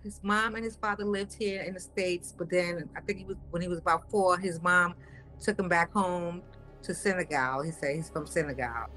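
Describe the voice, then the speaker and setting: A woman's voice: lowish voice, moderate pace, fairly bright tone, faint music behind. A woman casually telling her own story in a conversational, hesitant, doubtful way.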